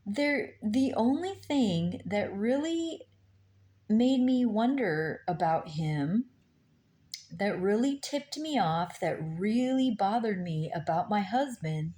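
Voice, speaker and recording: A woman slowly telling a painful personal story, halting with many pauses and fillers, recorded on a laptop mic. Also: mid-range voice, expressive, dark tone. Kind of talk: personal testimony, slow and halting. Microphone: laptop mic on her lap.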